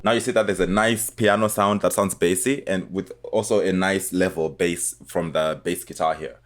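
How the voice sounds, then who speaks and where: A young man calmly walking through how he remade a beat, step by step, as a music producer. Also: deep voice, normal speed. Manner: relaxed step-by-step explaining, often trailing off before playing sounds. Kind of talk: screen-recorded music production tutorial. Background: music playing between lines.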